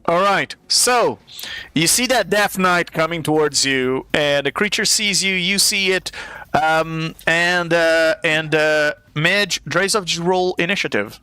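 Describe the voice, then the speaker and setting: A man running a tabletop game as game master, halting with many fillers. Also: a little high, pushed and bright, smooth, no echo.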